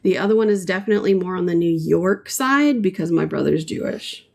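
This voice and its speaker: A woman's voice: lowish voice, brisk, gravelly. A woman hosting a painting livestream, chatting casually and playfully with her viewers, often giggling.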